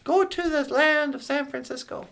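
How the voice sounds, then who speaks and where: A woman's voice: sits high, normal speed, creaky, a bit bright. A woman voicing a stern, traditional old grandfather in a joke she tells, speaking solemnly and giving commands.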